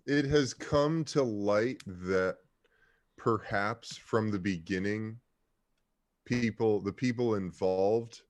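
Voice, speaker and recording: A man with a low voice talks as a podcast guest in a slow, unhurried way. He sounds laid-back and thoughtful in casual chat. The recording is dry and close. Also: dry recording.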